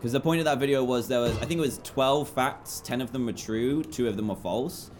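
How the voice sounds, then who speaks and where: A man's voice: medium pitch, fairly quick, music in the background. A young British man chatting while streaming a game live, reading out donors' names and apologising often.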